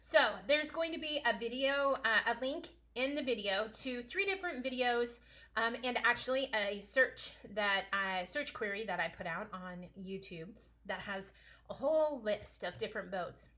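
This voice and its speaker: A woman's voice: fairly high pitch, normal speed, bright, forceful tone. A woman teaching a casual home-school science lesson, chatty, playful and encouraging.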